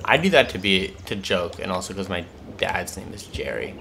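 Guy co-hosting a game playthrough, really deep voice, chill and jokey, faint hiss. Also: sing-song, moderate pace, gravelly. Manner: laid-back, jokey. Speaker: co-host of a gaming channel. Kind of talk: casual let's-play commentary.

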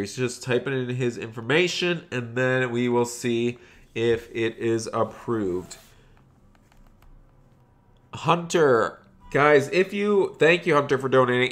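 A man's voice: medium pitch, a bit bright. A man live-streaming a role-play game, chatting to viewers and playing a polite bank clerk.

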